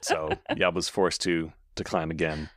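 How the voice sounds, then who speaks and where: A man's voice: sits low, measured pace, no room sound, studio quality. A man co-hosting a podcast, casually recapping a TV episode scene by scene. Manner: relaxed, recaps scenes with quoted lines. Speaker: podcast co-host.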